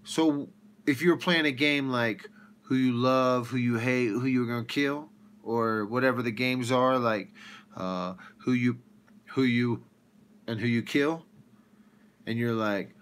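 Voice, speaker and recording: A man hosting a livestream, ranting with rhetorical questions in an animated way. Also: medium pitch, slow pace, smooth. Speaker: livestream host.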